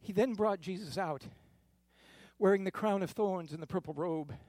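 A man narrating a dramatic scripture reading in a deliberate, expressive storytelling manner. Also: high-pitched, dry recording. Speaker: scripture reader.

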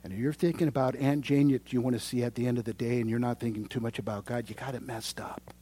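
A man preaching a sermon, swinging from loud proclamation to hushed whispers and speaking straight to his congregation. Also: medium pitch, fairly even intonation, fast talker, husky. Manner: addresses the congregation directly. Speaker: pastor.

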